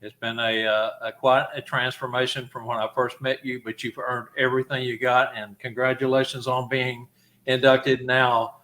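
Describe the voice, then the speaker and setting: A man's voice: mid-range voice, flat delivery, normal speed, pushed and bright. A man hosting a live talk show, putting friendly questions to his guest in casual chat. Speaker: show host.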